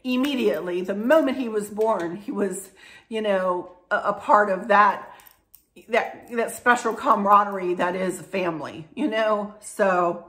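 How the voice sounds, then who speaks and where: Speaking at a measured pace, this middle-aged woman has a medium-pitched, fairly bright voice. She's a vlogger in a casual chat to camera, rambling emotionally to her viewers and frequently starting over.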